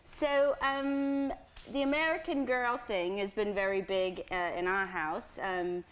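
A woman's voice: medium pitch, fairly even intonation, measured pace, a bit bright. A woman running a pottery studio, explaining a children's painting party in a live on-location TV interview, playful and demonstrative. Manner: playful, demonstrating to children, puts on a posh accent at times.

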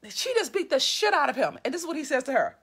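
Animated woman reading her own story. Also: high-pitched, fast talker. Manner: animated, swears freely, gushes about her characters. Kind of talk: live reading with commentary.

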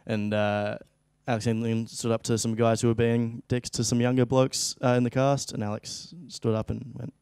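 A man's voice: medium pitch, little pitch movement, normal speed, vocal fry, few pauses, darkish tone, smooth, no room sound. A young Australian man, an actor, telling stories in a rambling, casual way in an interview studio. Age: young adult. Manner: rambling storytelling, frequent fillers. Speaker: actor guest.

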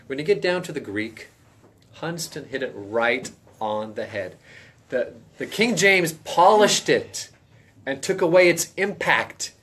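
A man teaching a casual Bible study in a folksy, emphatic way, now and then stressing phrases loudly. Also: mid-range voice, lively intonation, a little slow.

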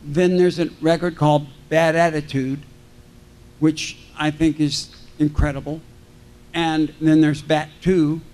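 An older man with a notably high voice tells loose, jokey stories from a convention panel stage. He keeps breaking off mid-sentence and circling back. Now and then he acts out the people he quotes. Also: level tone, measured pace, darkish tone. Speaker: celebrity panel guest. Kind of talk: rambling anecdotal storytelling.

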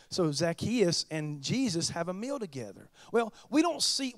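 A man preaches to his congregation, his voice sitting high for a man. He slips into chatty, joking asides between points. The sound is close and dry with no room echo. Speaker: pastor. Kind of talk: sermon.

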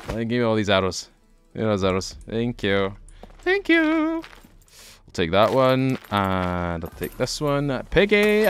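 A Scottish man playing a survival game, chatting playfully with viewers and joking as he plays. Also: lowish voice. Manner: jokey, excitable, talks to viewers. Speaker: gaming video host. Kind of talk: playful let's-play commentary.

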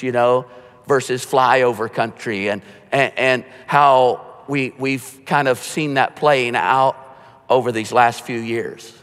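Pastor preaching in a reverberant hall. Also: male voice, medium pitch. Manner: conversational, with joking asides and quiet emotional storytelling. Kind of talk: sermon.

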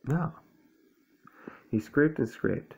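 A man's voice: mid-range voice, animated, drawn-out words, gravelly, a little mellow, a little hiss or hum. A young man reading a children's book aloud with laid-back, profane, slangy commentary. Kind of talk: casual read-aloud with crude commentary. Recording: tinny phone-like sound.

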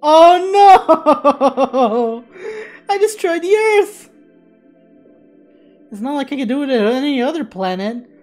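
A woman playing a video game, giving casual commentary in an excitable way, swearing freely. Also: high-pitched, slow, pauses often, faint music behind. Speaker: let's play gamer.

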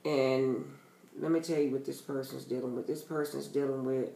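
A man's voice: medium pitch, steady tone, moderate pace, vocal fry, dark tone, roomy sound. A man giving a casual tarot reading to his channel's viewers, talking bluntly and emphatically and swearing freely. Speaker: tarot reader.

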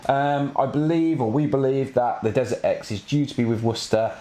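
A man's voice: mid-range voice, brisk, mellow. A man hosting a live prize draw in casual chat, rambling with lots of fillers and restarts. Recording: echoey room with faint noise.

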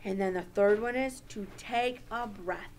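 A woman teaching a social-emotional lesson to young children in a slow, sing-song, exaggerated teacher voice. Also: medium pitch, a little mellow, slight background noise.

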